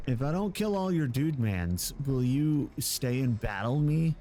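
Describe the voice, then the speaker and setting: This live game streamer speaks in an unhurried, mid-range male voice, with a slight hiss or hum on the recording. He narrates his play excitably, frequently letting out yelps and surprised exclamations.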